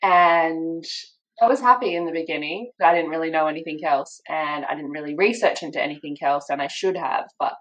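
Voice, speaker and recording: A woman's voice: low-pitched, brisk, dull audio. A young Australian woman, a podcast guest, telling her story in a casual interview and acting out the people she quotes.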